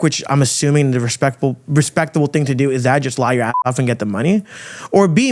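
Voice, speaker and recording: A man hosting a podcast, delivering a loud, crude, provocative rant full of swearing. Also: on the high side. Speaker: podcast host. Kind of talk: ranting monologue.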